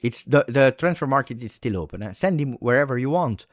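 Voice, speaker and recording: A man hosting a live watch-along, reacting to a football match and swinging between low muttering and excited shouts. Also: brisk, no echo, studio quality. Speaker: fan host.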